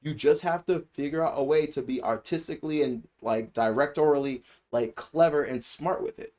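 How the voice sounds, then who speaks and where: A man's voice: a little high, normal speed, darkish tone. A man hosting a casual spoken anime review, rambling and repeating himself for emphasis. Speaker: anime reviewer and channel host.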